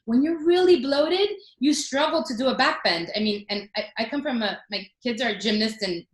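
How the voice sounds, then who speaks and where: Guest lady telling stories in a casual chat, kinda high voice, roomy sound. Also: normal speed. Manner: animated storytelling, acts out quotes.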